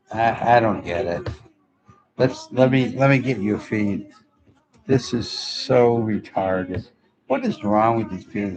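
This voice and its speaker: A man in his fifties hosting a reaction video, ranting with scornful, profane muttering. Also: fairly low pitch. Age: 50s. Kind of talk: casual ranting commentary. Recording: dry, dull lo-fi sound.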